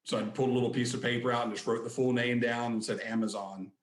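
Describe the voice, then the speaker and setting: A man's voice: medium pitch, flat delivery, quick pace. Man telling rambling stories, roomy sound. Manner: rambling anecdotes with acted-out quotes. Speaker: podcast guest, book collector. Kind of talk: casual storytelling.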